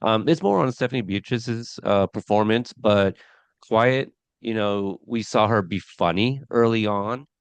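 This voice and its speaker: A man's voice: lowish voice, unhurried, clean tone, no room sound. A man co-hosting a podcast review of a TV episode, talking casually with lots of fillers and restarts. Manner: chatty, many fillers and restarts.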